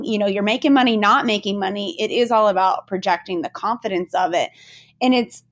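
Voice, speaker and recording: A woman with a fairly high voice hosts a business podcast in a chatty, enthusiastic way. She asks her guest questions and tells her own anecdotes, laughing easily between points. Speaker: podcast host. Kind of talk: conversational podcast interview.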